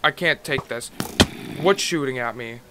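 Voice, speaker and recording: A man's voice: medium pitch, a little slow. Frustrated man grumbling over a game. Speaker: gaming YouTuber. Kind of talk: casual let's-play commentary. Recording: loud background noise.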